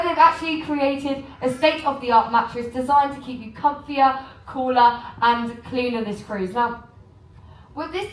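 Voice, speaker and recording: A woman's voice: sits high, a bit bright, roomy sound, distant mic, rough recording. An English woman giving a joking, chatty sales talk about shopping to a live audience, often asking the crowd questions. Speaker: cruise port shopping presenter. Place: large room on a cruise ship.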